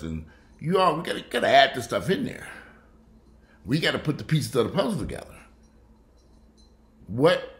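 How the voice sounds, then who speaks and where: Brief: deep-voiced man, animated blunt home vlogger, faint hiss behind. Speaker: vlogger commenting on a news story. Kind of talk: casual commentary.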